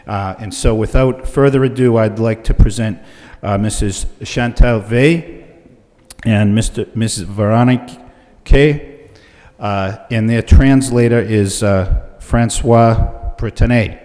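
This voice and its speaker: A man, the mayor, chairing a city council meeting and introducing guests in a measured way, with frequent fillers. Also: lowish voice, darkish tone. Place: council chamber. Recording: reverberant chamber on meeting mics.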